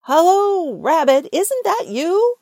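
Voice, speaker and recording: A woman's voice: fairly high pitch, very animated, slow, a little mellow, no room sound, studio quality, exaggerated voice. A woman voicing a bumbling, polite, food-loving male teddy bear who stammers and hesitates. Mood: puzzled.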